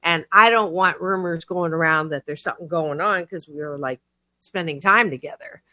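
A woman's voice: fairly low pitch, moderate pace, bright, forceful tone, dry recording. A woman hosting a show, chatting casually and teasing with sarcasm. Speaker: host. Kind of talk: casual chat.

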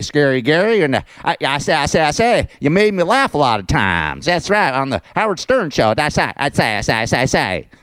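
A man's voice: a little high, a bit bright, no echo, voice pushed up. A man imitating a blustery male cartoon rooster, stammering in repeated bursts.

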